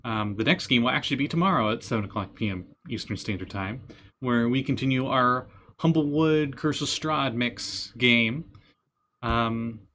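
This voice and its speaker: A man's voice: medium pitch, moderate pace, sharp tone, a little hiss or hum. A man who runs tabletop games, chatting casually and rambling with fillers and laughs. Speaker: game master and streamer. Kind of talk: casual chat.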